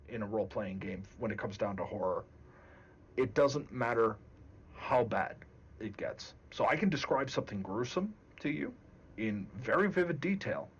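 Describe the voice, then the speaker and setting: A man speaking as a guest game master in a casual discussion, deliberate and emphatic. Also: medium pitch, breathy edge, dull audio.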